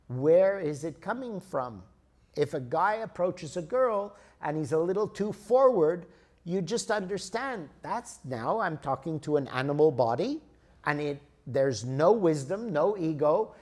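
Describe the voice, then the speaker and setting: A man's voice: on the high side, a little mellow. Older man giving a spiritual lecture. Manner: storytelling, conversational, explains with examples.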